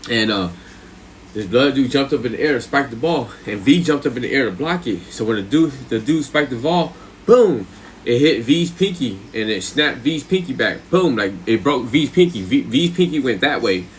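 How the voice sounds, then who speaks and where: A man's voice: mid-range voice, expressive, normal speed, a little hiss or hum. A man streaming live, rambling and swearing as he tells a story in casual chat. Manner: profane, rambling, with frequent "right?" and "you know what I'm saying". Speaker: livestreamer.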